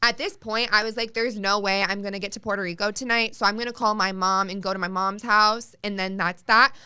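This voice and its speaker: Chatty young woman from chicago telling a story on her podcast, says like a lot, swears, bright crisp voice. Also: medium pitch, steady tone, a little fast. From Chicago area. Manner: chatty, swears freely, heavy use of "like". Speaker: podcast host. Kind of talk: casual storytelling monologue.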